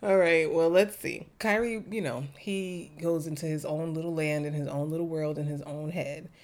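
A woman co-hosting a podcast in relaxed, chatty conversation, laughing often. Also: low-pitched, moderate pace. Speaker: podcast co-host. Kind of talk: casual chat.

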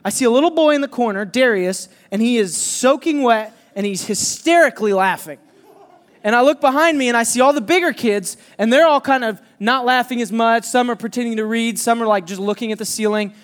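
A man preaching a sermon, telling a lively personal story and teasing his listeners. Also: very high voice, a little fast, in a large hall. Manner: animated, joking storyteller who teases the audience.

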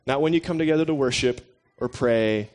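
Relaxed male preacher, mid-pitched voice, joking, chatty sermon delivery. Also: a little fast. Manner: relaxed and joking, chats with the listeners. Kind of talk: casual conversational sermon.

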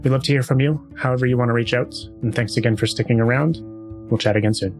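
A man's voice: medium pitch, fast talker, faint music behind. A man hosting a podcast and narrating as game master, talking in an easygoing way with frequent filler sounds. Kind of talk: casual podcast chat and tabletop game narration.

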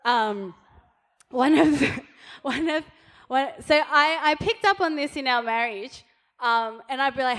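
A woman's voice: a little high, moderate pace, fairly bright tone. A woman in her thirties giving practical marriage advice in a sermon, chatty, laughing often and checking in with "okay?". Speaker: pastor's wife, speaker.

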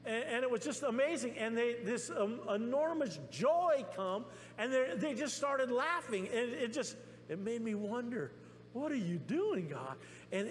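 A man preaching a testimony sermon in a church, telling his story excitedly with many restarts. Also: sits high. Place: church sanctuary. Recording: long reverb in a church with faint hum.

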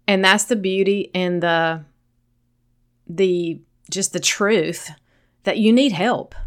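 A woman's voice: mid-range voice, a bit bright. A woman with a Southern accent hosting a solo podcast, speaking earnestly and encouragingly straight to her listeners. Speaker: podcast host.

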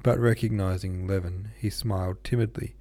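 Mellow low male novel reader. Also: fairly even intonation, normal speed, no room sound. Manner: unpolished reading with small slips and asides. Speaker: audiobook reader. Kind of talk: informal read-aloud of a classic novel.

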